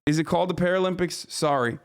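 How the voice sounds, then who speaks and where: A man's voice: sits high, fast, clear, resonant tone. A man streaming live, giving casual, profane and incredulous commentary as host.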